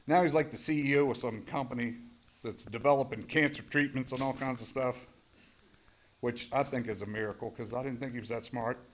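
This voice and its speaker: A man's voice: medium pitch, steady tone, a little fast. A middle-aged man sharing his recovery story at a support meeting, blunt and profane, rambling with restarts. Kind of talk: personal recovery share.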